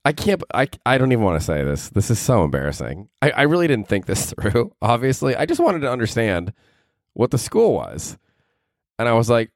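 A man's voice: lowish voice, sing-song, brisk, no room sound, studio quality. A young man hosting a podcast, telling stories in a casual, self-mocking way, laughing often and swearing a lot. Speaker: podcast host. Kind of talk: casual storytelling monologue.

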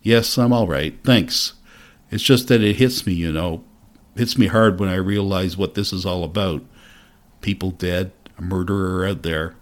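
A man voicing a gentle woman librarian in soft, confidential tones, in an audiobook reading. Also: low voice, moderate pace, close to an everyday voice. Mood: shaken.

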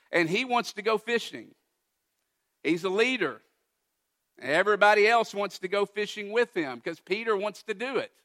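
A man preaching a sermon, retelling a Bible passage with lively, emphatic quoted dialogue. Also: sits high. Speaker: pastor.

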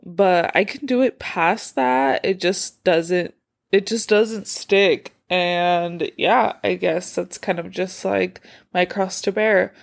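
A woman's voice: lowish voice, fairly even intonation, slow pace, gravelly. Young woman, podcast host, chatty and scattered, worn out and short of breath. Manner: rambling, filler-heavy, self-deprecating. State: tired and out of breath. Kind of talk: casual solo podcast chat.

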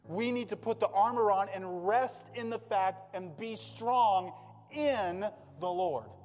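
A man's voice: high-pitched, takes it slowly, a little mellow, big-room sound. A man preaching a sermon as a pastor, in a conversational and impassioned way. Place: church sanctuary.

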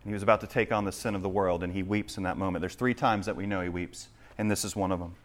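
A man preaching a sermon, swinging between loud, urgent questions and hushed explanation. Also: low voice, fairly even intonation, fast talker. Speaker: pastor.

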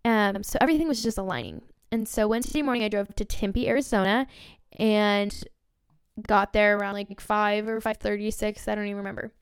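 A nineteen-year-old woman from Southern California telling a story on her own podcast, bubbly and excitable, full of "like" and "literally". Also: mid-range voice, fairly quick, smooth, no room sound, studio quality. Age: young adult, around 19. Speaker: podcast host. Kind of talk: casual storytelling monologue.

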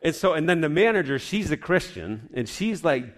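A man preacher telling a personal testimony as a lively storyteller, often sinking into a hushed, low voice. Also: normal speed.

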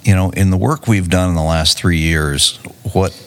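Very deep-voiced businessman, self-assured. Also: fairly even intonation, moderate pace. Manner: confident, fluent, many restarts and repeated words. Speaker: tech company CEO, guest. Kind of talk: conversational podcast interview. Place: conference venue.

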